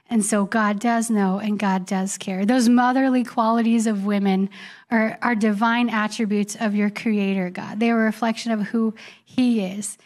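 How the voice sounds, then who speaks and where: A middle-aged woman pastor delivers a sermon in a fairly high voice. She tells stories with lively energy and laughs often, then turns soft and slow when reading scripture.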